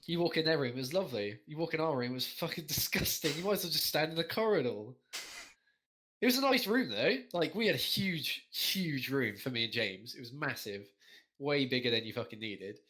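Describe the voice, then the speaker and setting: A man's voice: mid-range voice, animated, brisk, a bit bright. A young man, co-hosting a podcast in a rambling, storytelling way with a lot of swearing. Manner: rambling storyteller, heavy swearing, frequent laughs. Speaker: podcast co-host. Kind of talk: casual chat.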